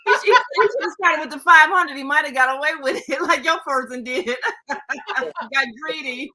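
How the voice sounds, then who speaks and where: A woman's voice: sits high, moderate pace, bright, forceful tone, poor audio. An older woman and co-host, rambling through a family story in casual chat with many restarts.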